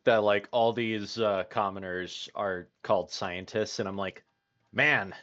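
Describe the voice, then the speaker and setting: A man's voice: fairly low pitch, fairly even intonation, unhurried, muffled recording. A man playing a tabletop game, chatting casually with joking, laughing asides. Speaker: player. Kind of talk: casual chat.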